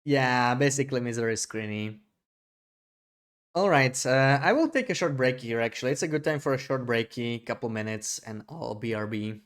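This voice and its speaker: A man hosting a live game stream, talking casually to his chat. His voice sits at an ordinary middle pitch. He keeps things loose and laughs easily between remarks. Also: moderate pace. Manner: relaxed, chatty, laughs easily. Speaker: livestream host.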